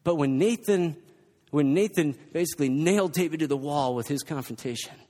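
A man's voice: fairly high pitch, brisk, darkish tone. A man preaching a sermon, reading scripture and pressing his points with emphatic, repeated exhortations. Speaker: pastor. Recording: long reverb from a large hall.

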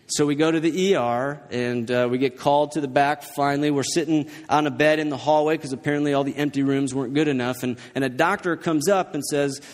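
A man's voice: on the high side, moderate pace, few pauses, big-room sound. A male pastor preaching a sermon, telling a personal story in a conversational way and often checking in with the congregation. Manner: conversational, keeps checking in with the listeners.

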